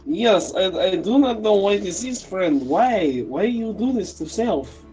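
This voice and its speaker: A man's voice: sits high, lively intonation, a little slow, darkish tone, low-quality recording. A man co-hosting a game stream, joking around in put-on foreign accents that keep changing. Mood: teasing. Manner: jokey mock accents, switching accents. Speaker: co-streamer friend. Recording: faint background music.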